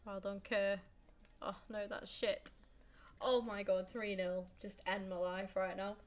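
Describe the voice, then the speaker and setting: Woman, 20s, streamer; chatty, self-mocking, swears freely, laughs a lot, mid-pitched voice. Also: flat delivery, a little slow, soft background music. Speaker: gaming streamer. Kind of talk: casual live gameplay commentary.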